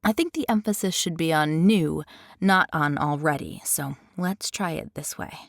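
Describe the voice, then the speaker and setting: A woman's voice: low voice, moderate pace, creaky, no room sound, studio quality. A woman hosting a voiceover tutorial in an upbeat, chatty scripted narration with playful asides. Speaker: tutorial host.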